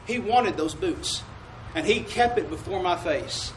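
A man preaching a sermon to his congregation, calling for "Amen" responses and drawing out mock commandments in a slow solemn tone. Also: high-pitched, expressive, a little hiss or hum. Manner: drawls mock King James commandments slowly. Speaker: pastor. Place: church sanctuary. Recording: echoey church from a distance.

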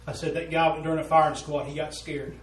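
An earnest man preaching a sermon in a folksy drawl, his voice set a little high. He tells a story with mounting fervor. He is heard from some distance in a reverberant room with a faint hum behind him. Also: little pitch movement, fairly quick. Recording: roomy echo, voice from a distance.

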